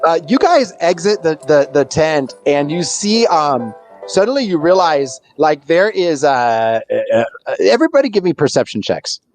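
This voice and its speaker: A game master running a comedic tabletop game at a middle pitch, describing the scene in loose, rambling bursts. Restarts and fillers pile up as the picture comes together. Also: big pitch swings, normal speed, darkish tone, faint music behind.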